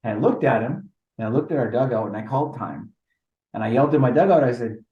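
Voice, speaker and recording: A middle-pitched man in his fifties hosts a casual podcast chat, telling stories with playful energy. His voice swings up and down a lot. He sits back from the microphone, and the room adds a noticeable echo. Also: quick pace, dull audio. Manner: animated storyteller, playful. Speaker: podcast host. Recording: roomy sound from a distant mic.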